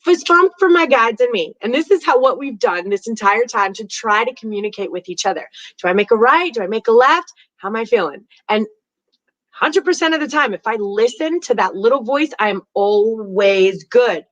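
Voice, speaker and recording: A woman hosting a live stream, telling stories in a chatty, animated way and giving psychic readings to callers. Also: a little high, normal speed, no echo, lo-fi sound. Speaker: host and psychic reader.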